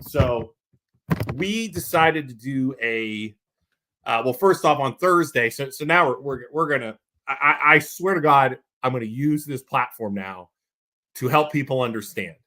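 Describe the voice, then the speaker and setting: A married man co-hosting a podcast, ranting heatedly and bluntly, repeating himself when worked up. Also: mid-range voice. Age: adult with a wife. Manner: calms down when making announcements. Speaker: podcast co-host. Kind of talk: passionate podcast rant.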